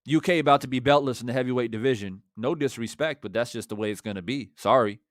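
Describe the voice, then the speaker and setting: A man's voice: medium pitch, quick pace, dry recording, clean studio sound. Brash man giving live boxing commentary. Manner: brash, confident, talks straight to viewers. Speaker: boxing YouTuber. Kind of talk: live-stream commentary reading super chats.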